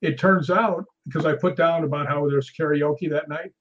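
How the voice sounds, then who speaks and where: Husky-voiced man telling ghost stories. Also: a little high, normal speed, dull audio. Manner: animated anecdotal storyteller. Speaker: guest ghost hunter. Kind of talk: casual storytelling in conversation.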